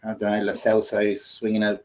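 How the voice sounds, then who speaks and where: Host, man, lowish voice, earnest rambling talker. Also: completely flat delivery, brisk. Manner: rambling, filler-heavy, earnest. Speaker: podcast host. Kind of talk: casual football chat.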